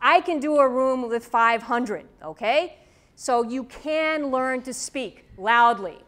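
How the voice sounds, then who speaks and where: A woman's voice: high voice, slow pace. A woman lecturer giving a university talk, telling stories and checking in with a frequent "okay?". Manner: lively anecdotal storytelling with frequent "okay?". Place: lecture hall. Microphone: tethered microphone.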